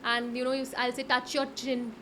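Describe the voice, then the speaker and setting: A middle-aged woman with an Indian English accent, explaining public speaking tips in an animated, instructive way and often repeating words. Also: a little high, a little fast. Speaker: soft skills trainer. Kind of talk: conversational interview, Hinglish. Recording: faint background noise.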